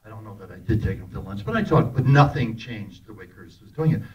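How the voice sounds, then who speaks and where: An older actor telling anecdotes to a festival audience in an animated, laughing way, often acting out the lines he quotes. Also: fairly low pitch, quick pace, lo-fi sound. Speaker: actor telling stories about a film. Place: festival talk in a hall. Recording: voice picked up from a distance.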